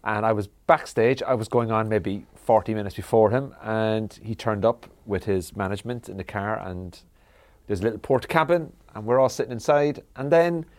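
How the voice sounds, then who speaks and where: A man's voice: on the low side, moderate pace, darkish tone. A man on a comedy panel, telling a story with little acted quotes. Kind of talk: comic anecdote.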